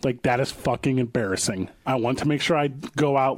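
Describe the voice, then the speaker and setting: A man co-hosting a casual comedy podcast, talking in a deadpan, mock-lecturing way. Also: medium pitch, a little fast, dry recording. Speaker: podcast co-host.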